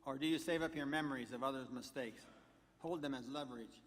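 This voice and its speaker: A man's voice: mid-range voice, fairly quick, fairly bright tone. A man, a pastor, delivering a sermon in a church, walking through numbered points and telling jokes along the way. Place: church sanctuary. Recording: long church reverb.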